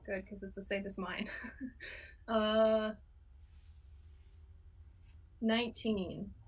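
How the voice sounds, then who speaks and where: A woman's voice: medium pitch, steady tone, drawn-out words, husky. A woman playing a tabletop game in a chatty, playful way. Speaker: player. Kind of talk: casual tabletop play.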